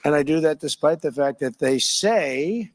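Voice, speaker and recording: A man's voice: a little high, lively intonation, moderate pace, noisy background. Older man giving a rambling speech. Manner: rambling, offhand asides. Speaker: speaker at a formal breakfast event. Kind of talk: public speech.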